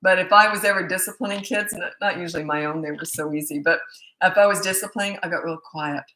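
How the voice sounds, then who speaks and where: Lively woman coach in an echoey room. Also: fairly low pitch, quick pace, a little hiss or hum. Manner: lively, acts out quoted parents and kids in changed voices. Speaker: parenting coach. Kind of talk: casual live Q&A talk.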